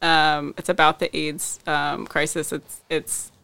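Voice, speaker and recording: A woman's voice: deep voice, level tone, slow pace, vocal fry, bright, forceful tone, smooth, no room sound. A woman co-hosting a podcast, chatting casually and enthusiastically with lots of "like". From DC, Maryland, Virginia area. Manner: enthusiastic, filler-heavy "like". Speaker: podcast co-host. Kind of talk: casual chat.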